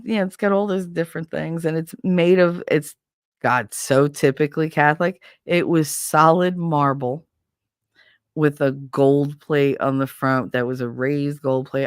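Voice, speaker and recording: Her bass voice is clean in tone, captured as a dry, clean studio recording. Hosting a casual storytelling chat, she rambles animatedly, swears plenty, and answers a comment from a viewer.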